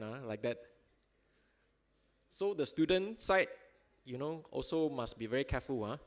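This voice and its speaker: A man's voice: medium pitch, lively intonation, unhurried, pauses often. A man speaking at a seminar in an auditorium, in loose, informal phrasing with fillers, ending his points with tag questions and chuckling at examples. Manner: chuckles while telling examples. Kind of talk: conference talk.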